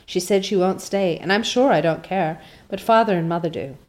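A woman's voice: lowish voice, normal speed, a little mellow, close to an everyday voice. A woman voicing a loyal, spirited young girl in an audiobook, frank and a little scornful. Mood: indignant. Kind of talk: audiobook character voice.

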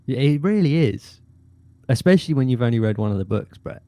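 A man, a guest actor chatting casually, animated and often laughing. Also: mid-range voice, a little fast, dry recording. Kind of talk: casual chat.

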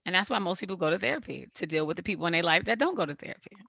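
Bright-voiced quick-talking woman host. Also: lowish voice, animated, vocal fry, husky, dry recording. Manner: quick, playful, laughs often. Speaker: therapist and podcast host. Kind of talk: casual podcast chat.

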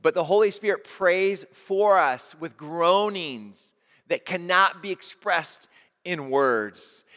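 A male pastor delivers a sermon in a slightly higher register than most men. He sinks into soft, low passages, then climbs back up with emphasis. A long reverb from a large hall follows every phrase. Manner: dynamic preaching, drops to soft low tones and rises with emphasis.

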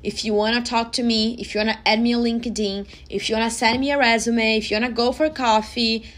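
A woman's voice: fairly high pitch, fairly even intonation, a little fast, fairly bright tone. A woman, hosting a personal podcast and speaking earnestly and emotionally to her listeners. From Brazil. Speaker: podcast host.

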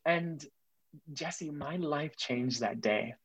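A young man, a guest, telling a personal story in casual conversation, quick and earnest, slipping in Spanish phrases. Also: a little high, slightly rough, dry recording, poor audio.

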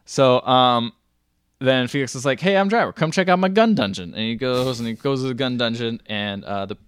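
A man's voice: medium pitch, moderate pace, a bit bright, clean tone. Casual man recapping a film. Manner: retells scenes, quoting characters in mumbled asides. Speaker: podcast co-host. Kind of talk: casual movie recap chat.

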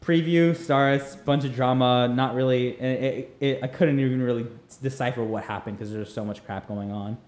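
A young man recaps a dating show with his co-hosts in loose, rambling talk. He jokes and slips into quick impressions of the people he describes. His middle-pitched voice rings in a roomy, echoing space. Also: steady tone, a little mellow. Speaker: podcast co-host. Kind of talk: casual recap chat. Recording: roomy echo.

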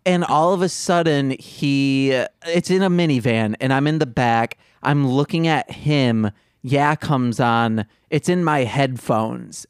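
A man podcast co-host telling a story in casual chat, slow and jokey. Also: medium pitch, smooth, no room sound, clean studio sound.

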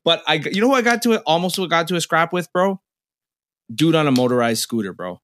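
Animated young man telling street stories. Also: fairly high pitch, fairly quick, a little hiss or hum. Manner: animated storyteller, acts out arguments, swears freely. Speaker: podcast co-host. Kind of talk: casual podcast chat.

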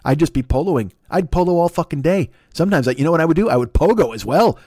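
A man's voice: fairly high pitch, lively intonation, fast talker, a little mellow, no room sound, clean studio sound. An older man hosting a solo podcast, rambling through profane, self-mocking comic tangents into a laptop microphone. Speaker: podcast host. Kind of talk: solo comedic rant.

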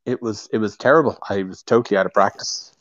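Irish man, low voice, muffled call audio, dry sound, relaxed chatty guest. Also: fast talker, no echo. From Ireland. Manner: relaxed, laughs easily, restarts phrases. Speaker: podcast guest, race photographer. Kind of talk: casual interview chat. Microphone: telephone call.

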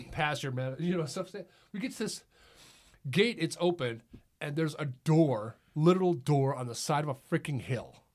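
Middle-aged male podcast guest, a bit high-pitched, loose storyteller who swears and laughs a lot. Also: animated, moderate pace, a little mellow. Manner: swears freely and laughs often while telling anecdotes. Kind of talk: casual chat, storytelling.

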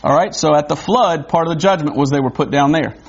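A man preaching a sermon in a conversational way, wondering aloud and adding quick asides. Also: a little high, gravelly, husky. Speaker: pastor. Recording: dull lo-fi recording.

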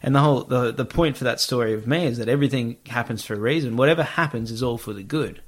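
Casual aussie dude rambling through a story on a podcast, lots of "you know". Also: male voice, mid-range voice, fast talker. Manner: laid-back, swears freely, lots of fillers.

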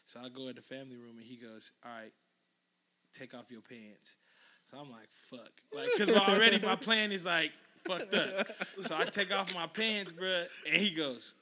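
Bright, high-voiced young man telling stories. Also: brisk, hardly any pauses. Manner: animated, laughs often, acts out quotes. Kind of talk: casual storytelling chat.

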